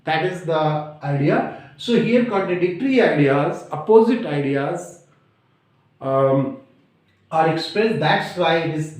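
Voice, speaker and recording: Male grammar teacher, high voice, slow and repetitive delivery, very echoey room. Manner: repetitive, deliberate, defines terms over and over. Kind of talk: slow explanatory lecture.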